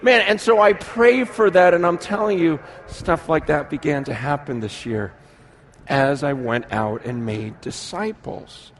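A middle-aged man preaching a sermon as pastor, animated, swinging from soft asides to shouting. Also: fairly high pitch, measured pace, slight background noise.

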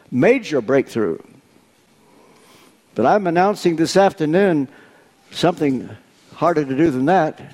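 A man's voice: a little high, darkish tone. An older man preaching a sermon, telling stories with dry humor. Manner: unhurried storytelling with dry humor.

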